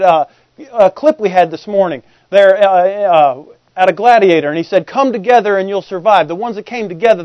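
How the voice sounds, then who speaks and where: A man's voice: high voice, dry recording, lo-fi sound. A middle-aged man, preaching a sermon in a folksy, conversational way and often asking the congregation if they follow. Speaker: pastor.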